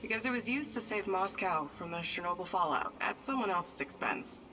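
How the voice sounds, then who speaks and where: A woman's voice: mid-range voice, expressive, brisk, far from the mic, close to an everyday voice, rough recording. An actress playing a bitter female stalker who speaks in a grim, matter-of-fact way.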